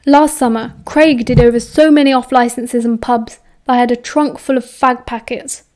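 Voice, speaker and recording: A woman's voice: on the high side, steady tone, moderate pace, darkish tone, close to an everyday voice. A woman doing a growling, angry teenage boy. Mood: hostile. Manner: growling, snarling.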